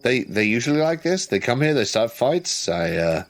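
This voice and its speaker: A man voicing a calm rural leader who has found religion, with a folksy, coaxing drawl. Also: medium pitch, normal speed, pitched above the performer's own voice.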